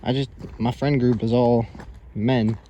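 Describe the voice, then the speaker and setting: A man's voice: medium pitch, steady tone, measured pace, warm tone, slight background noise. Young man, drawl, chatty and joking, desert vlog, muffled audio. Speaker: camping vlogger. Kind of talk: casual vlog talk. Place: desert, in a truck then outdoors on a cliff.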